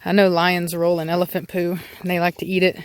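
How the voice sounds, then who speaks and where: A woman's voice: on the low side, completely flat delivery, fairly quick, slight background noise. Chatty woman vlogging outdoors with dogs. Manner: chatty, calls out sharp commands to her dogs. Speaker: dog breeder. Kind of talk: casual vlog talk outdoors with dogs. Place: outdoors on rural property.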